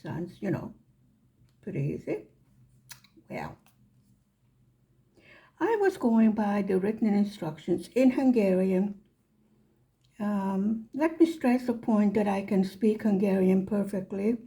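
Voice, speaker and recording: A woman's voice: mid-range voice, slow, pauses often, mellow. A woman telling a chatty, self-deprecating story about her knitting, acting out the other voices in each exchange. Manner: chatty, self-deprecating, acts out quoted dialogue. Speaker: knitting vlogger. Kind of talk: casual storytelling.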